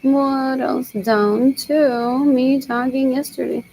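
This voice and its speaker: A woman's voice: high voice, fairly even intonation, slow pace, gravelly, mellow, slight background noise, low-quality recording. A young woman rambling in a solo monologue, repeating herself and muttering as if to herself.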